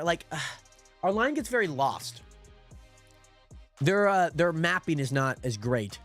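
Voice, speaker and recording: A young man with a slightly higher-than-usual voice hosts a football watch party stream. He talks through the plays casually, then erupts into excited yelling on big moments. Faint music plays in the background. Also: slow pace, pauses often. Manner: swings from calm play-by-play to shouting with excitement. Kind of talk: excited live football commentary.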